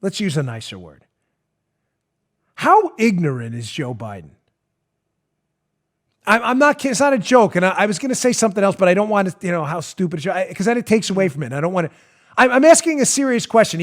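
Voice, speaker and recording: A man's voice: sits high, quick pace. A male podcast host delivering an emphatic, sarcastic opinion monologue. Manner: emphatic, sarcastic, animated ranting. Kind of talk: opinionated talk show monologue.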